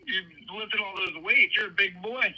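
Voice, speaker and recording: A man's voice: sits high, normal speed, breathy edge, muffled recording. A man co-hosting a casual podcast over the phone, joking and encouraging. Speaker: podcast co-host. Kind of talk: casual chat.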